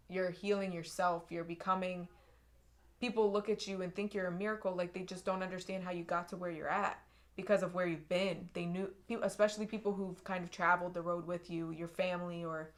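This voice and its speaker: Earnest, emotional woman reading tarot. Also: lowish voice. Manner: earnest, emotional, repeats and restarts phrases. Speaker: tarot reader. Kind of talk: intuitive tarot reading to viewers.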